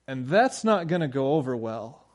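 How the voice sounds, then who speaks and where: A man's voice: mid-range voice, sing-song, moderate pace. A man in his thirties preaching a sermon in a conversational way, acting out quoted voices and building to emphatic peaks. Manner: acts out quoted voices of characters. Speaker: pastor.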